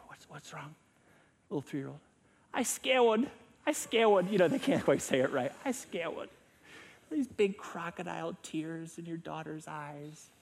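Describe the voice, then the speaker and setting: A middle-aged male pastor preaching a sermon, swinging between loud emphasis and hushed, near-whispered lines. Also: fairly high pitch, creaky, slightly rough.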